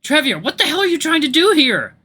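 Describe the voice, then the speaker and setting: A man's voice: sits high, sing-song, brisk, heavily acted. A man voicing a desperate tearful hero. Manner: urgent, shouting pleas. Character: anxious young male hero, desperate and tearful.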